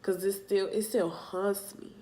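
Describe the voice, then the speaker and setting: A young woman telling a personal story for her vlog, halting and emotional, with casual slang. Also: medium pitch, fairly even intonation, dark tone. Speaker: vlogger.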